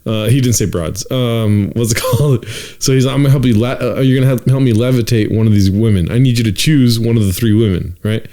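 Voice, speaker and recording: A young man co-hosting a relaxed podcast chat. He tells a story with lots of energy, acts out the voices of the people in it, and curses casually. His voice sits at an ordinary middle pitch. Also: brisk, hardly any pauses. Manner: animated storyteller, acts out quotes, swears casually. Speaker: podcast co-host.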